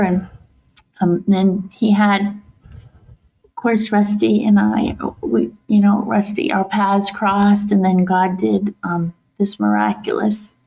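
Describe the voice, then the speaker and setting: A woman telling a personal family story on a podcast in a heartfelt, halting way, with soft laughs. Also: mid-range voice, highs cut off. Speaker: guest, author and wife of host.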